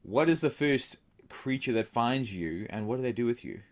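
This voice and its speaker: A man's voice: medium pitch, animated, moderate pace. Male co-host, mid-range voice, playful improvised podcast talk. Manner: joking, teasing, with many fillers and laughs.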